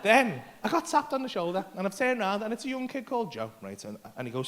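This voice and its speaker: Male comic, high voice, brash sweary storyteller, live club set. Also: sing-song, quick pace, few pauses, fairly bright tone. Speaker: stand-up comedian. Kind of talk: stand-up comedy set. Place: comedy club stage.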